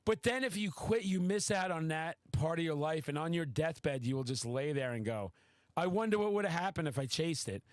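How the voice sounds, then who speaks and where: A man hosting a podcast, telling a story in casual chat, excitable and swearing freely. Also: fairly high pitch, brisk, dry recording. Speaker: podcast host.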